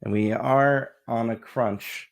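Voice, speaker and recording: A man's voice: medium pitch, fairly even intonation, takes it slowly, vocal fry. A man hosting a live solo board game playthrough, chatting and thinking aloud as he plays, now and then acting out short lines for the characters. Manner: chatty, thinks aloud, acts out little bits.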